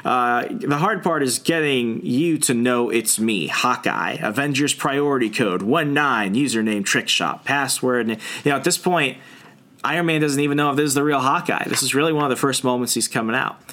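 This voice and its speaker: A man's voice: mid-range voice, sharp tone. A young man on a podcast, recapping a comic book in casual chat and acting out the characters' lines. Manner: retells scenes, acting out lines in quick voices. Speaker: podcast co-host.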